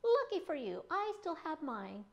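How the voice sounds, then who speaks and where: A woman's voice: high voice, sing-song, moderate pace, vocal fry, pitched above the performer's own voice, heavily acted. A woman doing a brash, boastful storybook gecko. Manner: loud, boastful, snapping. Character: brash loud male gecko, boastful and snappish.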